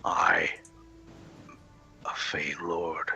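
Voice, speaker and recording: A man voicing an ancient, bitter male fey lord in a hushed, halting whispered role-play. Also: a bass voice, monotone, creaky, lo-fi sound, faint music behind, voice pushed down, heavily acted. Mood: grave.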